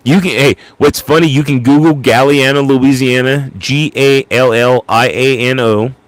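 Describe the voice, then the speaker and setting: A man's voice: mid-range voice, steady tone, moderate pace, no echo. A man hosting a casual late-night livestream into an ASMR microphone, rambling and stammering as he repeats words. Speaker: livestream host.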